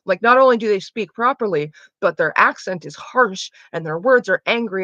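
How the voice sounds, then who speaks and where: A woman's voice: mid-range voice, animated, normal speed, few pauses, bright, forceful tone, dry recording. A young woman chatting casually on a livestream, rambling with lots of fillers, restarts and casual swearing. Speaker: streamer. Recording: dull lo-fi dry sound.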